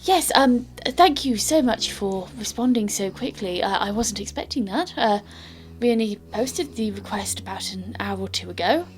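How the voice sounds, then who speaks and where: A woman's voice: medium pitch, expressive, normal speed, few pauses, natural voice. A woman voicing a young nobleman heir who speaks politely and hesitantly, with frequent stammers.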